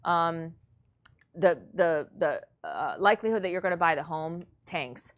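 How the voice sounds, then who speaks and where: A woman's voice: lowish voice, lively intonation, measured pace, muffled recording. A woman teaching real estate investors in a blunt, matter-of-fact, motivational way. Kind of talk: coaching lesson.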